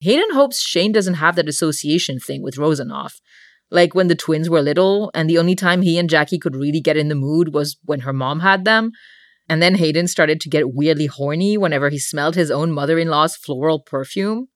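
A woman with a low voice reads a comic story aloud as an audiobook. Her delivery is wry and deadpan, and the sound is dry and close to the mic. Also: brisk, no echo. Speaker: narrator.

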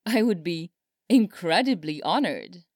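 A woman's voice: fairly low pitch, animated, a little slow, a little mellow, dry recording, studio quality. A woman doing a giddy young singer. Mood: honored. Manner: giddy, swearing in bursts of disbelief. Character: young male pop singer, excitable and foul-mouthed.

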